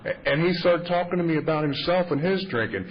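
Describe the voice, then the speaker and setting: A man's voice: a little high, brisk. A man in his fifties giving a humorous, confessional recovery talk, wry and self-mocking. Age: 50s. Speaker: recovery meeting speaker. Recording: muffled lo-fi tape with faint hiss.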